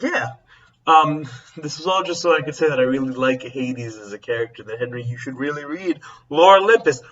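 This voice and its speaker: Man, teacher, casual vlog chat, rambling, bright tone, dull lo-fi recording. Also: mid-range voice, normal speed, far from the mic. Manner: rambling, self-interrupting, chuckling.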